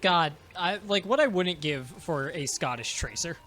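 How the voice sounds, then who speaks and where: This young man talks with friends over a game session, his voice sitting high and swinging up and down with energy. He swears freely and teases in a jokey way. There is faint music behind him. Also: animated, measured pace, sharp tone. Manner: swears a lot, jokey and teasing. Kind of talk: casual chat while playing a video game.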